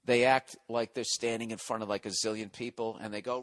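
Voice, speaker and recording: A man's voice: on the low side, flat delivery, fairly quick, hardly any pauses, fairly bright tone, no echo, studio quality. A man in his forties, from the United States, hosting a podcast with a sore throat, telling stories in a profane, sarcastic rant. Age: 40s. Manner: profane, ranting, sarcastic storytelling. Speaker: podcast host. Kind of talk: casual comedic monologue.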